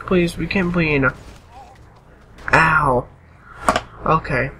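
A man's voice: a little high, slow pace, pauses often, bright, forceful tone, slight background noise. A tired, yawning man giving casual gameplay commentary and chattily bossing game characters around.

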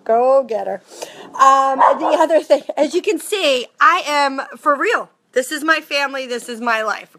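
An upbeat woman in her thirties with a high voice talks through tips for her sales team from home. She keeps it chatty and casual and tags her points with quick "okay?" and "right?" check-ins. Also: bright, forceful tone. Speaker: direct sales team director. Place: home with family nearby.

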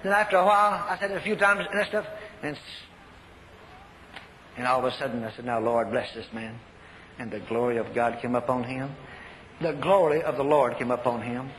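A man's voice: mid-range voice, a little fast. Folksy old preacher guy, repeats himself a lot, bit of faint hiss. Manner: folksy storytelling, shouts commands, repeats phrases. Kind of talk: sermon. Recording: echoey hall, faint noise.

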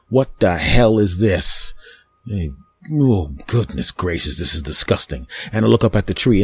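Low husky guy rambling thru a silly story on his podcast, dry sound. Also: dry recording. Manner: animated, rambling, with deadpan asides. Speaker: podcast host. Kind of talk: comedic storytelling monologue.

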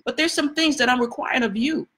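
Her voice sits high and a bit bright as she preaches quickly. The prophetess keeps it conversational, repeating lines and addressing the congregation with asides.

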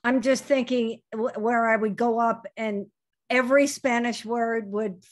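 A woman student speaking on a video call, her voice a bit higher than most. She jokes lightly at her own expense. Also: steady tone, a little slow.

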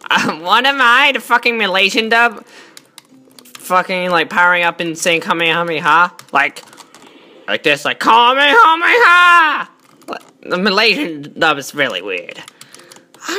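A gaming channel host with a voice on the low side gives excitable, profane let's-play commentary, yelling at enemies and bantering in character as a god persona.

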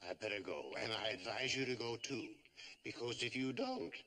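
An actor playing a timid, whimsical servant who talks in a sing-song, fussy, gently eccentric way, with an orchestral score behind him. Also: male voice, medium pitch, expressive, a little fast.

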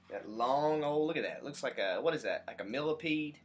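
A male teacher reading a picture book aloud to children, animated, explaining and pointing out the pictures. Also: on the high side, brisk, hardly any pauses.

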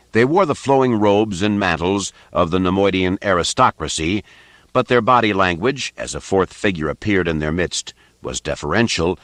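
A man reading a science fiction novel aloud as an unabridged audiobook narrator, in a measured, steady manner. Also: sits low, no room sound. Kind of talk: scripted narration.

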